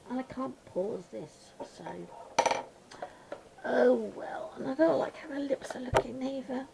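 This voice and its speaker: A woman chatting casually while she colours at a desk at home, rambling and mumbling quietly to herself, a little blocked up with her voice going gruff. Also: sits high, a little slow, heavy background noise. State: slightly congested, voice going gruff. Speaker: colouring channel host. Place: small room at home.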